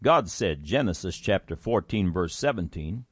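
A man's voice: low-pitched, expressive, normal speed, breathy edge, no room sound, studio quality. A man reading a scripted Bible teaching, earnest and emphatic, quoting scripture aloud. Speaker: Bible teaching show host.

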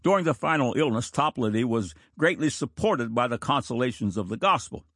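A middle-aged country pastor preaching in a slow, solemn, deliberate voice of ordinary pitch. The sound is close and dry, with no room echo at all. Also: male voice, expressive, fairly bright tone. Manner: slow, deliberate, solemn delivery with drawn-out words. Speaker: pastor of a small country church. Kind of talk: sermon reading of quotations.

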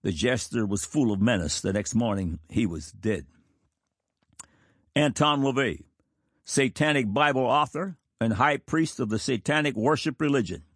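A man in his fifties, a small-church minister, reading a sermon aloud in an earnest, measured way with occasional stumbles over words. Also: mid-range voice, expressive, husky, dry recording, clean studio sound.

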